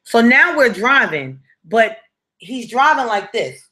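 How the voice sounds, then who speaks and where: A young woman recounting her past with a bright, forceful voice. She tells it dramatically and keeps checking in with the viewer as she goes. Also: fairly high pitch, sing-song, slow. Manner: dramatic and conversational, with frequent tag questions to the viewer. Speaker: storytime vlogger. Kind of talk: casual storytelling.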